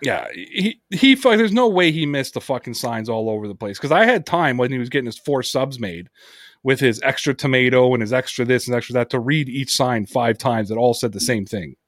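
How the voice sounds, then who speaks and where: A man's voice: medium pitch, brisk, no room sound, clean studio sound. A man hosting a podcast, telling a story in casual chat, swearing freely and acting out what others said. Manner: animated storyteller, swears freely, acts out quotes. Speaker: podcast host.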